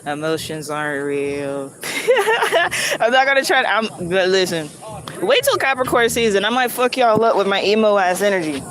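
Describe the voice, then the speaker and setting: A woman's voice: fairly high pitch, fairly quick, a crowd in the background, poor audio. A young woman, talking casually and animatedly on a live stream while walking around outdoors. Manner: chatty, animated, spiritual talk, swings to loud excitement. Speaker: livestreamer. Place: outdoors in a city, walking with bags. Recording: outdoor street noise behind.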